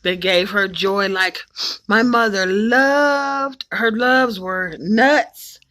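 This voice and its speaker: A woman in her forties from Cleveland, telling folksy, animated family stories to the camera and hushing her voice to mimic her mother. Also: medium pitch, very slow. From Cleveland, Ohio. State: emotional, choked up at times. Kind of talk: personal storytelling to camera.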